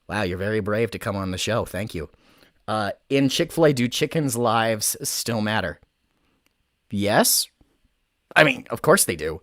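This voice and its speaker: A man's voice: on the low side, lively intonation, moderate pace, a bit bright, no room sound, studio quality. Playful young man hosting an advice stream. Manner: playful, rambling, self-correcting jokey talk. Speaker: host of an advice show. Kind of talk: casual livestream Q&A. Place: makeshift home studio.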